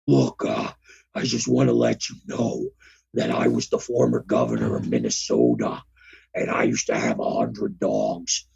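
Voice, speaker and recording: A man doing an impression of a boastful older ex-wrestler turned governor, in a very deep, gravelly growl, rambling through tall tales. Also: unhurried, darkish tone, lo-fi sound, exaggerated voice.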